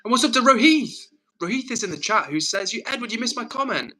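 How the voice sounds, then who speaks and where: Talking fast in a very high, bright, forceful voice, a young English livestreamer animatedly reads viewers' chat messages and responds in a friendly, conversational manner. There's a frog in his throat, and the recording quality is low.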